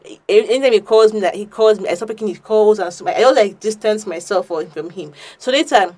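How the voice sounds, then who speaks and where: Animated woman telling a story. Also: mid-range voice, fairly quick. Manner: animated, swearing, many restarts. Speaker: podcast co-host. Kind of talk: casual storytelling chat.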